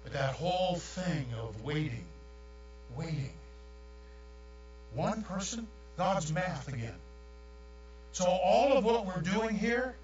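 An older man, preaching a sermon with folksy, animated storytelling. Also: high-pitched, far from the mic. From New York. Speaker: pastor. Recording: echoey room, dull sound, mains hum.

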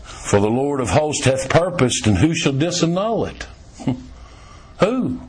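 A man preaching a sermon in a folksy, storytelling way, swinging between emphatic raised lines and low, quiet ones. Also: sing-song, a little slow, breathy edge.

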